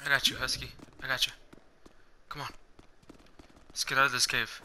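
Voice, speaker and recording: A young man giving casual, excitable commentary while playing a video game, now and then squeaking out high-pitched "pew pew" gun noises. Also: moderate pace, slight background noise. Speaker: gaming video host. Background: game music.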